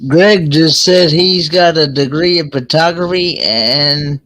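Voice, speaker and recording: A man hosts a relaxed live-stream hangout, speaking into a headset. His voice sits a little high for a man, and he takes his time. He often trips over his words and starts his sentences again. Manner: halting, restarts sentences often. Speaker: host. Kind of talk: casual live-stream chat.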